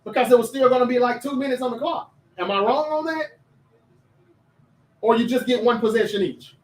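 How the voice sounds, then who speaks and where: A man hosting a casual sports talk livestream, chatty and animated, reading viewer comments aloud and talking straight to his chat. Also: extremely high pitch, fairly quick, echoey room, distant mic, rough recording.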